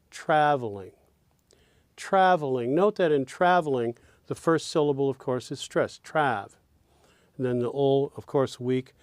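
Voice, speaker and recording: Slow, deliberate male music teacher. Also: a little high, darkish tone, dry recording. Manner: slow, explanatory, counts beats and speaks example lines aloud. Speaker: songwriting teacher. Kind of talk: lesson on lyric stress and rhythm.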